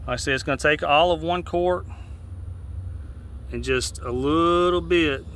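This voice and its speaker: A Southern-accented fishing guide talks through a repair step by step in a relaxed, homespun manner, often restarting his sentences. His voice sits a little higher than most men's. He is recorded outdoors, with faint background noise around him. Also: unhurried. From Georgia, US. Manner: relaxed, folksy, repeats and restarts phrases. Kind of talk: casual how-to demonstration. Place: outdoors beside a boat.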